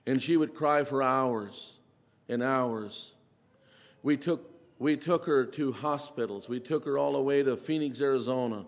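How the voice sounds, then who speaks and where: A man giving an emotional sermon testimony, his delivery swinging from quiet and low to urgent, pleading intensity. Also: unhurried. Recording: long hall reverb.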